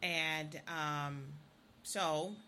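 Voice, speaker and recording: A middle-aged woman co-hosting a talk show, telling stories in a lively way and laughing often. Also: low voice, extremely slow, a little hiss or hum. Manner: animated storyteller, laughs often. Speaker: radio show co-host. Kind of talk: casual chat, storytelling.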